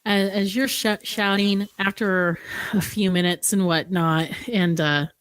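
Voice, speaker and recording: A woman's voice: mid-range voice, fairly even intonation, a little slow, clean tone, no echo. A woman narrating a tabletop role-playing game as game master, casual and descriptive, laughing easily.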